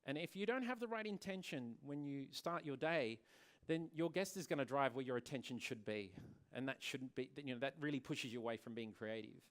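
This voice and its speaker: A man's voice: mid-range voice, fairly quick, hardly any pauses. Earnest man giving a conference talk. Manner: earnest, repeats words and restarts often. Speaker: salon owner and presenter. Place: conference venue.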